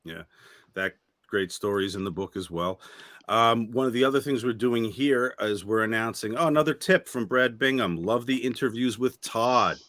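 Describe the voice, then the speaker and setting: A man's voice: mid-range voice, normal speed, fairly bright tone, dry recording. A man hosting a livestream interview in a joking, casual way, reading viewer comments aloud. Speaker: podcast host.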